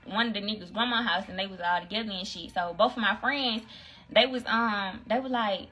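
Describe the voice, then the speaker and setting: A young woman telling a casual story on a phone livestream, acting out the voices of the people in it. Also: brisk. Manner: animated storyteller, acts out voices, swings high for quoted friends.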